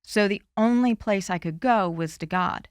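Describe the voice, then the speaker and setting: A woman in her forties, a candidate speaking earnestly and heartfelt in a podcast interview, often pausing with "you know". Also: medium pitch, smooth, dry recording, clean studio sound. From Florida. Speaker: congressional candidate guest.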